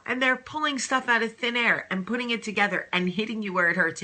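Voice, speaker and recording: A woman hosting a casual advice vlog, talking in an animated, emphatic and sassy way. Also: mid-range voice, a little fast, hardly any pauses. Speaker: host.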